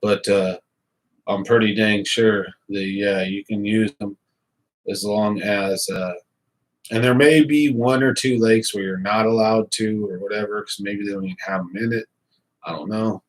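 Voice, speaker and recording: A man's voice: fairly low pitch, steady tone, measured pace, poor audio. A man, hosting a fishing channel and rambling casually to his viewers with lots of fillers. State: hiccups.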